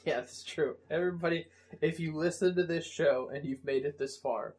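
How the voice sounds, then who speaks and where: A man's voice: on the high side, normal speed, darkish tone. A man co-hosting a podcast in casual chat, chuckling through his sentences. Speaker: podcast co-host.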